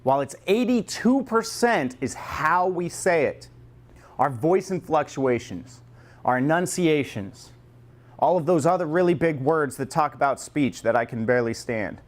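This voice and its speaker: A man leading a staff training session in a room with a group, lively and joking, acting out customer lines as examples. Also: a little high, measured pace. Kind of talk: classroom training talk.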